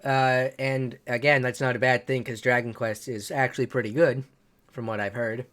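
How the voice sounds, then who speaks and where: A man's voice: mid-range voice, little pitch movement, moderate pace, a bit bright. A man hosting a casual game-news podcast, rambling and correcting himself as he goes. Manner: rambling, self-correcting, chuckles at own slips. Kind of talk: casual chat.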